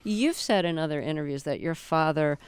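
Interview host, super crisp voice, measured careful questions, dry close mic. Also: mid-range voice, no room sound. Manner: measured, careful phrasing with fillers.

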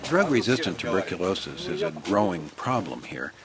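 A male radio reporter giving measured, descriptive scripted news narration. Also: sits low, big pitch swings, crowd noise.

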